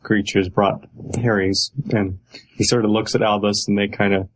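Man, lowish voice, easygoing chat, pauses to find words. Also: low-quality recording. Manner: relaxed, hesitant with fillers. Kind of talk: casual chat.

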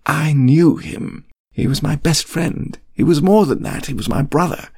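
A man's voice: mid-range voice, lively intonation, moderate pace, gravelly, a little mellow, husky, voice pushed up. A man voicing an earnest, desperate grown wizard in an audiobook reading, speaking with urgent, pleading questions. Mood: anguished.

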